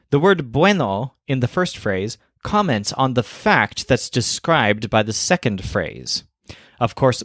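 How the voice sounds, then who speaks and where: Man, language lesson narrator, mid-pitched voice, clear measured delivery, dry close mic. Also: a bit bright, no room sound. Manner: clear, measured explanation with slowed example phrases. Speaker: language teacher.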